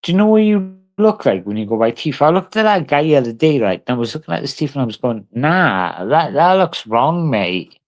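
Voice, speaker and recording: A man's voice: fairly high pitch, expressive, fast talker, few pauses, darkish tone. A man, talking casually and swearing a lot as he answers a live stream chat. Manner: brash, sweary, talks back to chat. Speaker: livestreamer.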